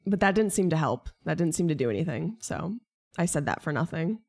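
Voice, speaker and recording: A woman's voice: deep voice, lively intonation, brisk, darkish tone. A young woman streamer venting to her viewers in casual chat, exasperated, swearing and rambling.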